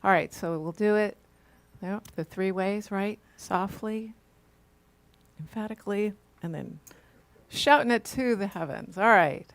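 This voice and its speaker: A woman's voice: medium pitch, a little slow. A woman minister giving a reflective sermon, asking rhetorical questions and tagging them with "right?".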